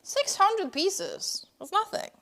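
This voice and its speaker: A woman's voice: extremely high pitch, huge pitch swings, slow pace, vocal fry, fairly bright tone. A young woman streaming from her kitchen at home, chatting playfully and answering her chat. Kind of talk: casual live-stream chat.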